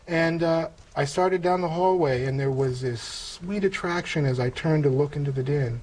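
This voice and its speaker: A middle-aged man earnestly telling a personal spiritual testimony in an interview, halting and emotional, with many pauses and fillers. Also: fairly high pitch, expressive, darkish tone, a little hiss or hum, low-quality recording. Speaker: interview guest.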